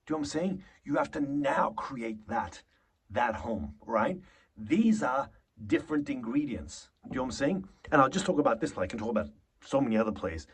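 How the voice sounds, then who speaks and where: Male acting coach, husky, lively delivery, jumps into example lines, salty language. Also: medium pitch, a little fast. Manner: animated, acts out short example lines, swears freely. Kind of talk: acting lesson to camera.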